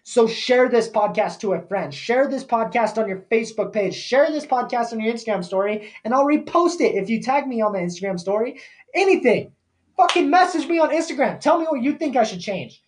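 A young man hosting his own podcast, ranting hard about fitness and grit. His delivery is blunt, heated and packed with swearing, with no polish or pause for niceties. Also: extremely high pitch, expressive. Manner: profane, fired-up and blunt. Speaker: podcast host. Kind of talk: motivational podcast rant.

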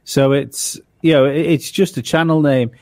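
A man's voice: on the high side, fairly even intonation, normal speed, a little mellow, dry recording, clean studio sound. A man in a casual livestream chat who questions claims and pushes back. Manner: skeptical, questioning. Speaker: livestream co-host.

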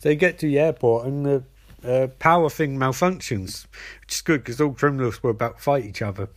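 A man rambling through a comic recap of a show. He uses lots of "like" and restarts. His voice is at an ordinary, middle pitch. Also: a little fast. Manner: rambling, filler-heavy.

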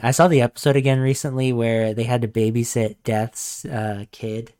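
A young man co-hosting a casual podcast, excitable and swearing, who jumps into high voices to act out cartoon lines. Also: normal speed, smooth. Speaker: podcast co-host. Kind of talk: casual chat.

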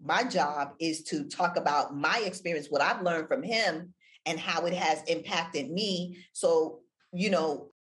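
Animated older woman, low-voiced. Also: measured pace. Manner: animated, wide swings of inflection, drops to near-whisper for effect. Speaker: guest, audio-room moderator. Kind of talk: casual video-call interview. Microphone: video call.

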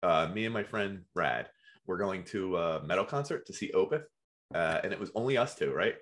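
A man co-hosting a casual podcast, quick to tease and chime in. He speaks in a lower register, but his pitch swings widely as he jokes. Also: animated, fairly bright tone. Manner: teasing, quick interjections, laughs often. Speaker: podcast co-host.

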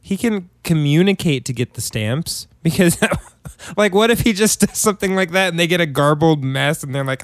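A man's voice: fairly high pitch, expressive, moderate pace, no echo, studio quality. A man arguing his point in a casual group chat, swearing freely.

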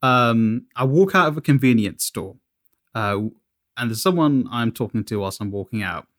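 A man's voice: medium pitch, lively intonation, normal speed, a bit bright, no room sound, studio quality. A man co-hosting a podcast, telling a rambling, sweary story in casual chat. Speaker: podcast co-host.

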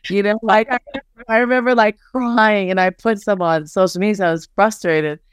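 A middle-aged woman coach telling her story in a candid interview, her voice smooth and clear. She talks animatedly, scattering "like" through her sentences and acting out what people said. The sound is close and dry, with no room around it. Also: medium pitch, fairly quick, dry recording. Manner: animated storytelling, frequent "like" fillers, acts out quotes. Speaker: basketball head coach, interview guest.

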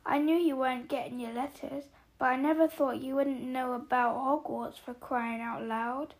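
A woman voicing a huge, hot-tempered male giant who is gruff but kind, booming and growling his words with drawn-out emphasis. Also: steady tone. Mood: indignant.

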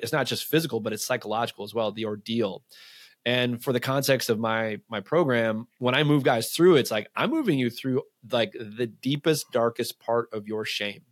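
In a clean studio recording without echo, a man with a mid-range voice, a men's coach, swaps casual podcast stories, animated and peppered with "like" and performed quotes.

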